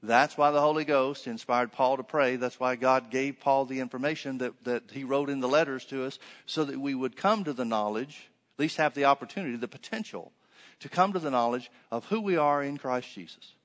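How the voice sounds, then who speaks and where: A man's voice: medium pitch, a little fast, fairly bright tone, long reverb tail. A man preaching a conversational sermon, telling a story with many fillers and restarts.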